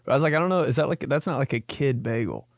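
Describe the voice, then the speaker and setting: A man's voice: mid-range voice, very fast, no echo, studio quality. A young man hosting a podcast, riffing in a jokey comedic monologue and slipping into silly voices. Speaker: podcast host.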